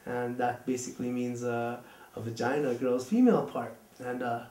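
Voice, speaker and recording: A man's voice: mid-range voice, steady tone, normal speed, warm tone, roomy sound. A man telling a personal story in a casual, rambling way, full of fillers.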